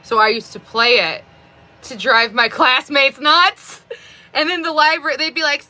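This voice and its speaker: A woman of about thirty talks into her phone on a live stream. Her voice is bright and a little sharp, and she rambles casually, stringing thoughts together with frequent fillers of "like.". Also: high voice, normal speed. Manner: rambling, chatty, many fillers of "like".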